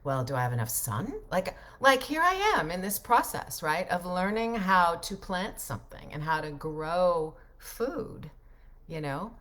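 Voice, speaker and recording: A woman's voice: on the low side, sing-song, unhurried, a bit bright. A middle-aged woman, a voiceover coach, chatting casually on a livestream and reading out viewer comments, reflective and rambling.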